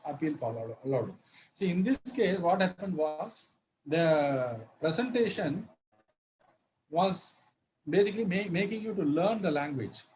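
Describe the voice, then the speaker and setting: Man, law lecture, fairly high voice, halting with fillers, faint background hiss. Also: low-quality recording. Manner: halting, many fillers and restarts, spells words out.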